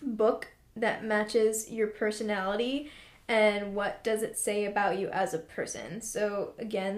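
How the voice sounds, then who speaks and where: A woman's voice: mid-range voice, roomy sound. A young woman co-hosting a podcast, chatting casually and sarcastically with many fillers. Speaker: podcast co-host.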